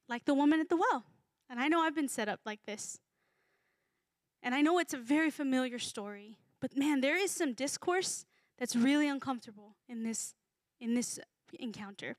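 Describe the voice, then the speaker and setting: Woman preaching, chatty and animated, high voice, dry close sound. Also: dry recording. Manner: conversational, animated, acts out voices in quotes. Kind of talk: sermon.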